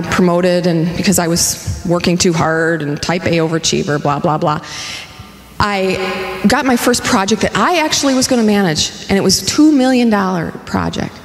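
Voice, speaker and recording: A woman in her forties giving a candid, humorous sermon as a spiritual director, telling personal stories. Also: medium pitch. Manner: lively, candid, humorous storytelling. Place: spiritual community sanctuary. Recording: echoey hall with long reverb.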